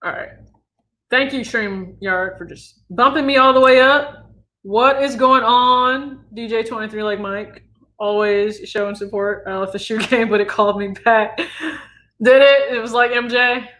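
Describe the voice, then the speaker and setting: A sneaker channel host in his thirties from the US Midwest answers viewer questions on a livestream. His voice is very high-pitched and unhurried, and he stays relaxed and chatty, reading the questions aloud.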